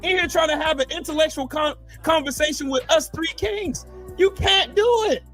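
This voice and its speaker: A man co-hosting a livestream, talking in animated, exasperated bursts and sometimes shouting. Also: very high-pitched, normal speed, faint music behind. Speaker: livestream co-host. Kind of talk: casual livestream chat.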